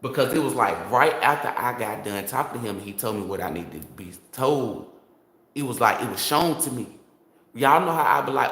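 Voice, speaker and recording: A man who reads tarot tells a wild story straight to his viewers in a loose, excitable and profane way, stumbling over restarts as he goes. His voice sits at a middle pitch, neither deep nor high. The sound carries a roomy echo around it. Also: normal speed. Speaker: tarot reader.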